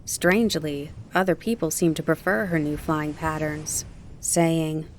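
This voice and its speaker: A woman narrating a children's novel audiobook in a calm, gentle storytelling manner. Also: deep voice, unhurried, a little hiss or hum. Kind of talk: scripted narration.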